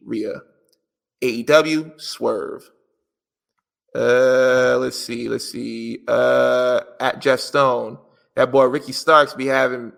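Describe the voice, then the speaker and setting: Podcast co-host, male, gravelly and bright, joking and slangy while reading listener answers. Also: medium pitch.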